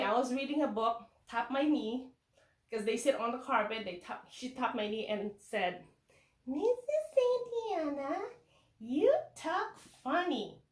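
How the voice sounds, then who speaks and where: Animated Filipino woman teacher. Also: fairly high pitch, roomy sound, far from the mic. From Philippines. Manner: animated, repeats "okay", asks and answers her own questions. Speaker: kindergarten teacher. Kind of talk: teaching tips to fellow teachers.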